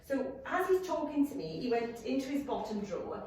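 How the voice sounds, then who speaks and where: A candid woman tells her own stories in a casual chat. Her voice is a little high and sits back from the mic, and a strongly echoey room rings behind it. A faint hiss runs underneath. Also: big pitch swings, brisk, a little mellow, distant mic. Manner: storytelling, candid, laughs easily. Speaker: wellness chat co-host. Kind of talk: casual live wellness chat.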